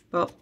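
A woman chatting casually on a budgeting vlog, thinking aloud as she counts money. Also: background noise. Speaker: budgeting vlogger. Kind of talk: casual chat while cash stuffing.

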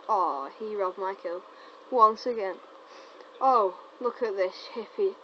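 Teasing gamer, dull lo-fi sound. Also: female voice, medium pitch, slow pace. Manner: teasing, excitable, stumbling over words. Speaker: gameplay commentator. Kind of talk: casual live gameplay commentary. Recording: dull lo-fi recording with faint noise.

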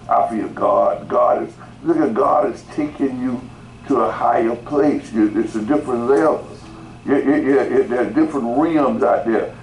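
Here a man of medium pitch preaches at normal speed, calling out to the congregation and repeating words in rising bursts. Roomy echo and faint background noise color the recording.

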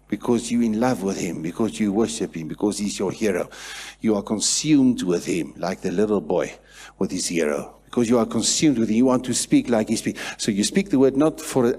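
A man preaching a sermon in church, swinging between hushed passages and loud, repetitive declarations. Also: lowish voice, breathy edge. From South Africa. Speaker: pastor.

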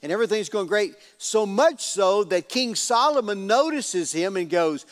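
Folksy preacher with a high voice. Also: male voice, normal speed, hardly any pauses. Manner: folksy, animated, repeats words. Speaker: pastor. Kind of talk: storytelling sermon. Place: church sanctuary. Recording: reverberant church hall.

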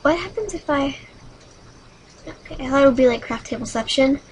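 A woman hosting a solo game video, chatting dramatically with sudden high squeals. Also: expressive, fairly quick, a little hiss or hum, poor audio. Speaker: gaming channel host.

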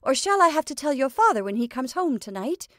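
A woman's voice: high-pitched, big pitch swings, a little fast, fairly bright tone, dry recording, clean studio sound, voice pushed up. A woman reading a story aloud, voicing a fussy, scatterbrained middle-aged mother giving orders. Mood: bossy, flustered. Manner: scatterbrained, bossy, dreamy.

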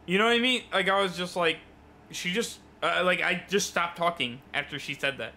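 A man's voice: sits high, normal speed, pushed and bright, slight background noise. A young man livestreaming, telling an exasperated, profane story about a rude customer in a casual rant full of fillers.

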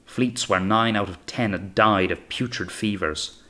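A man reading an audiobook as narrator in a steady, measured way. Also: fairly low pitch. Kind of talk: scripted narration.

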